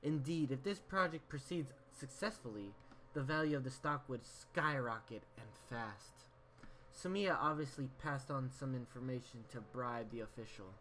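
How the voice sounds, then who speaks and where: A man's voice: medium pitch, moderate pace, fairly bright tone, a little hiss or hum, rough recording. A man reading a visual novel's narration aloud as a gaming YouTuber, dropping in casual, slangy asides.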